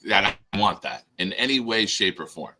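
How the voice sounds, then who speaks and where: A man's voice: fairly low pitch, animated, normal speed, background noise. A man co-hosting a sports talk show, chatting casually and ribbing a caller. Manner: ribbing, teasing banter.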